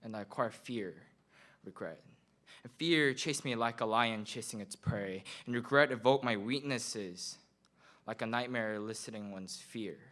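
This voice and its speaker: A young man with a Korean accent performing his own slam poem at a school event, earnest and measured, repeating phrases for effect. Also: fairly low pitch, a bit bright. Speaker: student poet.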